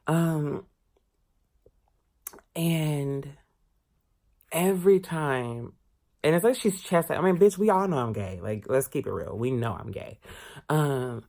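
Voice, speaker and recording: A man vlogging a casual storytime, candid and expressive, swearing casually as he talks. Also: a little high, vocal fry.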